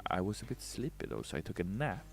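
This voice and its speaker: A man's voice: on the low side, big pitch swings, fast talker, creaky. A man hosting a casual live stream, reading chat messages aloud and answering them in a playful way. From Sweden. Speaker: streamer host. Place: home studio. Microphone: studio mic.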